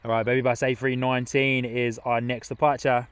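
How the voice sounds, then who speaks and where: Outdoors at an airport viewing spot, a young man hosts a laid-back live stream, laughing frequently as he reads out viewer comments. His medium-pitched voice is level, smooth, and fairly quick, captured in a dry recording.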